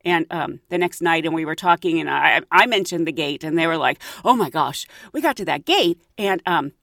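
A woman's voice: low voice, animated, moderate pace, fairly bright tone, no echo, studio quality. A woman casually telling a travel story, acting out the voices of the people in it and laughing often.

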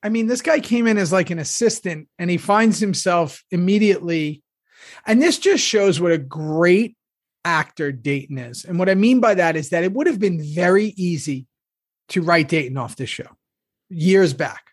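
A man's voice: sits high, lively intonation, moderate pace, no echo, clean studio sound. A man co-hosting a podcast, chatting casually and telling stories from his past work, with the odd swear. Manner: conversational, storytelling, swears casually. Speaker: podcast co-host, former cast member.

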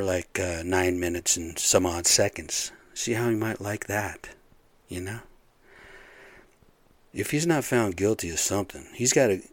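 Angry profane man ranting, low voice. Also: dry recording. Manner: angry, profane, rambling with fillers. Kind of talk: casual rant.

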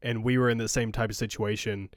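A man's voice: fairly low pitch, flat delivery, quick pace, dry recording, studio quality. A man in casual podcast chat, hesitant, reacting to others and asking questions.

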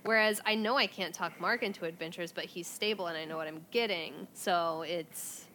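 A woman in casual podcast chat, thinking aloud with hesitant pauses. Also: lowish voice, pushed and bright, slight background noise. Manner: thoughtful, hesitant, with frequent "um" and laughs.

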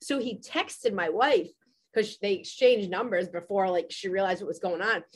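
A woman in her forties, a podcast host, telling a story in casual chat, animated and profane, with many "like" fillers. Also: mid-range voice, normal speed, slightly rough. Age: 40s.

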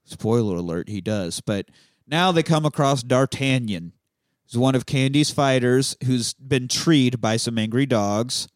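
A man's voice: medium pitch, unhurried, no echo, studio quality. A man hosting a podcast, telling a movie's story in a loose, joking, profane way. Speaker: podcast host recapping a film. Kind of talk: casual profane chat.

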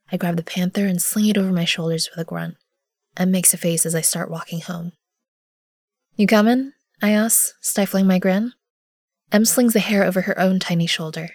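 A woman gives first-person narration for an audio drama, measured and often dropping to a hush. Her voice sits a little low and sounds dry and close to the mic. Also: no echo. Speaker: narrator and lead character.

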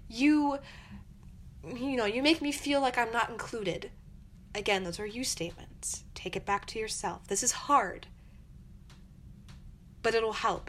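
A woman's voice: medium pitch, fairly bright tone, a little hiss or hum. A young woman hosting her own podcast, giving earnest, encouraging advice in a reflective monologue. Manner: earnest, encouraging, acts out angry quotes. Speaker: podcast host.

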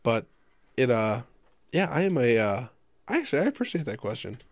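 Rambling young man on radio, gravelly. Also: mid-range voice, big pitch swings, a little fast, no echo, studio quality. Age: young adult. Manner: rambling, self-deprecating, joking. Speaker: co-host. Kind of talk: casual radio chat.

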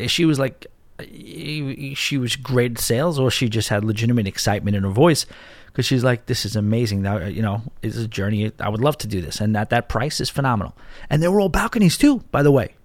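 A man's voice: fairly low pitch, no echo. A man hosting a podcast from his home studio, telling a story in a chatty, rambling, self-deprecating way. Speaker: podcast host. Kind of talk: casual solo podcast chat. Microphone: studio mic.

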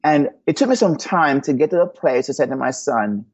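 A man speaks in an earnest, almost preacherly way as a podcast guest, telling personal stories. His voice is husky. The audio is muffled and lo-fi. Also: fairly high pitch, lively intonation, fairly quick, hardly any pauses. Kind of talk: podcast interview answers.

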